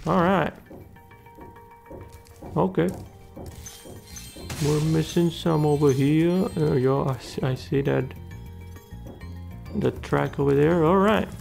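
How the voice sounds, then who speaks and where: A man's voice: on the high side, slow, gravelly, pauses often, a little mellow, soft background music. A man giving casual gameplay commentary, muttering, swearing and talking back to the characters on screen. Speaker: let's play gamer.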